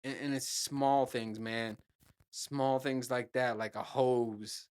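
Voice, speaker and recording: A man's voice: medium pitch, fairly even intonation, takes it slowly, a little mellow, smooth. Rambling, profane middle-aged man. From New Jersey. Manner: rambling, profane, self-mocking. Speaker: podcast host. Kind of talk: casual solo rant.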